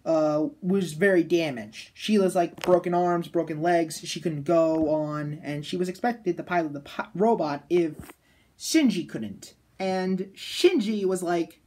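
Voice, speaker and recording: A woman giving a casual, rambling spoken review of an anime, chatty and excitable, full of fillers and restarts. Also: on the low side, a little slow. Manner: excitable, jumps into loud shouted bits.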